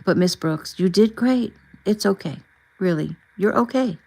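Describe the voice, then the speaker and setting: A woman narrator voicing a calm, protective male federal agent who speaks steadily and reassuringly. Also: high-pitched, a little slow, gravelly, pitched above the performer's own voice, exaggerated voice.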